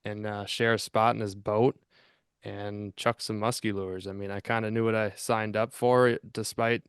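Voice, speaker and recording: A man's voice: fairly low pitch, little pitch movement, moderate pace, smooth, dry recording, studio quality. A man co-hosting a casual fishing podcast, telling a long, rambling story with many restarts. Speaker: podcast co-host.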